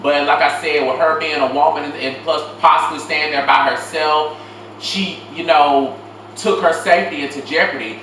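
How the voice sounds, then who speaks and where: Low-voiced woman in an echoey room. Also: fairly even intonation, moderate pace, fairly bright tone. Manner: chatty, emphatic, lots of filler. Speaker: show host. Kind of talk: casual reaction chat. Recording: echoey room, mic at distance, faint noise.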